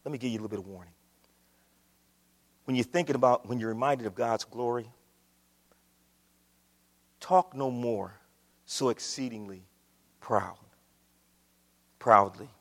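A man preaching a sermon to his church, swinging from quiet, low passages up to loud, shouted ones. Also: unhurried, pauses often. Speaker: pastor. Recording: long hall reverb.

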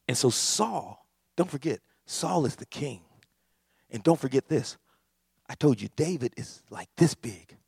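A man preaching a sermon as pastor, animated, repetitive and emphatic. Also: a little high, vocal fry, husky, no echo, clean studio sound.

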